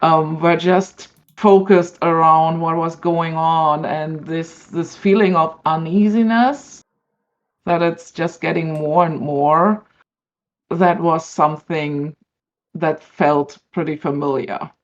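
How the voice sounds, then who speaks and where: Low, slow-speaking woman, hesitant. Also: steady tone. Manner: thoughtful, hesitant with many ums. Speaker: panelist. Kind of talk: casual panel discussion. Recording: dull lo-fi stream audio.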